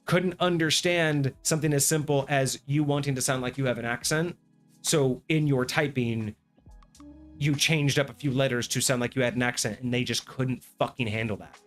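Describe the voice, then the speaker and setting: A man on a gaming talk stream vents about a past player. He talks in an animated, exasperated way and swears freely. His voice sits fairly high for a man, and faint music plays underneath. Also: moderate pace. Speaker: podcast host. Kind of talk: casual chat.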